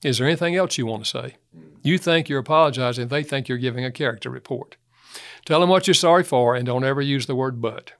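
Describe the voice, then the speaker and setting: A man's voice: medium pitch, fast, fairly bright tone. A man speaking as a guest author in an interview, telling anecdotes, chuckling and acting out quotes. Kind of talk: conversational interview talk.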